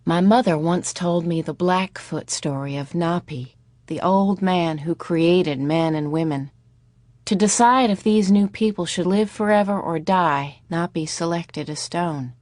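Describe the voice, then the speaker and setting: A woman narrating a novel in first person, calm and measured, in a studio. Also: fairly low pitch, no echo. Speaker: audiobook narrator. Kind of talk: scripted narration.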